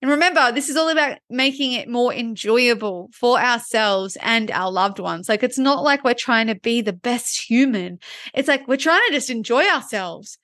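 A woman's voice: a little high, expressive, moderate pace, a bit bright, no echo, studio quality. A woman co-hosting a casual wellness podcast, talking through ideas reflectively with frequent "like". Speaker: podcast co-host.

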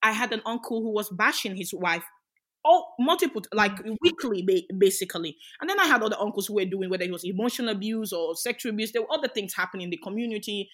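In an interview in Australia, a young woman who fights for women's rights argues passionately, often asking rhetorical questions. She talks fast in a medium-pitched, expressive voice that's a bit bright.

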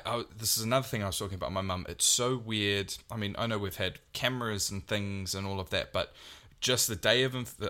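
A man's voice: sits low, bright, forceful tone. A young man co-hosting a podcast in casual chat, talking earnestly and rambling with many restarts. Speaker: podcast co-host.

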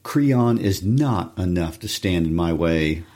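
A brave, headstrong young heroine speaks with firm resolve in a very deep, low voice, read aloud by a man in a class reading. The read is earnest and steady rather than theatrical. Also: slow pace, heavily acted. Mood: resolute.

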